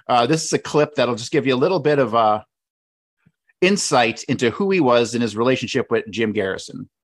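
A man's voice: mid-range voice, animated, a little fast. Rambling, casual man host. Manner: loose, restarting, with lots of "uh" and "right?". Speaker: podcast host. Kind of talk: casual talk.

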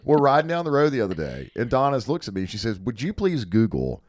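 Wry man with wildly swinging pitch. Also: big pitch swings, very fast, a little hiss or hum. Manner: wry, teasing, dramatic swings in delivery. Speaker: podcast co-host. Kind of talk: casual chat. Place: studio.

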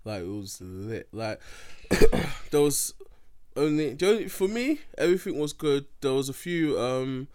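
A man recounting a concert in relaxed, slangy casual chat. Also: medium pitch, unhurried.

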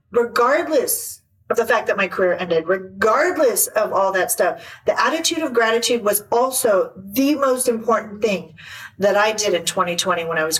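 A woman life coach chatting in an interview, animated and acting out little quoted voices. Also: mid-range voice, distant mic, rough recording. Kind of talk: casual interview chat.

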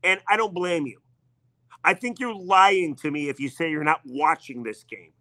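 Man, sports talk host, bright forceful voice, repetitive needling rant, dry close mic. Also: on the high side, moderate pace, no room sound.

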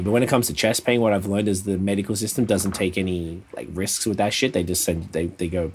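A man in pain telling a rambling, sweary story in casual chat over a call, sounding a little flat. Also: low-pitched, brisk, hardly any pauses, breathy edge. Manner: laid-back, swears often, rambling. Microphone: video call.

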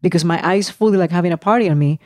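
A woman co-hosting a podcast in casual chat, animated and repeating herself as she talks over her partner. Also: on the low side, rapid-fire, no room sound, clean studio sound. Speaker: podcast co-host.

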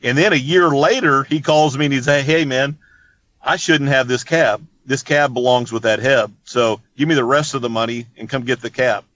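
A man's voice: mid-range voice, fairly quick, hardly any pauses, fairly bright tone, no room sound, lo-fi sound. A man telling a long story in casual chat, rambling and laid-back, full of "dude" and "you know what I mean.". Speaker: podcast guest.

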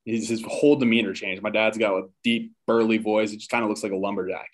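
A former college football player, guesting on a podcast, casually recounts a personal story and acts out his parents' lines. His voice is lowish, with fairly even intonation, and he talks fast.

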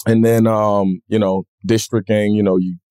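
A man being interviewed, telling stories in a relaxed, lively way and acting out other people's voices. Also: lowish voice, moderate pace, clean tone, dry recording, studio quality. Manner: animated, acts out voices in his stories. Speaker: comedian guest. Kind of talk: casual interview storytelling.

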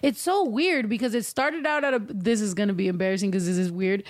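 A woman's voice: mid-range voice, a little fast. A young woman co-hosting a casual chat, rambling and swearing loosely, laughing often. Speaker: podcast co-host.

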